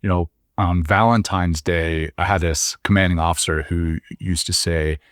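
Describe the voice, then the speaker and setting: Deep voiced guy hosting a podcast, laid back, thinks out loud, dry sound. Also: normal speed, no echo. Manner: relaxed, reflective, many ums. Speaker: podcast co-host. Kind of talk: podcast interview conversation.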